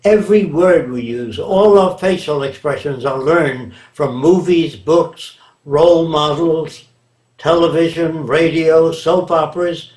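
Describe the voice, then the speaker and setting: A man's voice: fairly high pitch, measured pace, darkish tone. An older man answering interview questions in an emphatic, lecturing way, often checking whether his listener understands. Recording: roomy echo.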